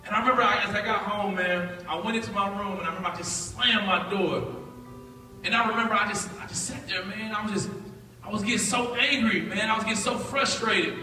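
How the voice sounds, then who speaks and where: A man, telling a lively testimony to students as guest speaker in a school chapel. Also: high voice, fairly quick, soft background music. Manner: animated, acts out voices. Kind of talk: storytelling testimony. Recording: echoey hall from far off.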